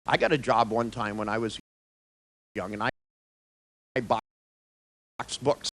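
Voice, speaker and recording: A man's voice: fairly low pitch, moderate pace, dry recording. A man presenting a workshop, telling stories to an audience and acting out the dialogue as he goes. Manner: animated storyteller, quoting others in dialogue. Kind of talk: storytelling lecture to an audience.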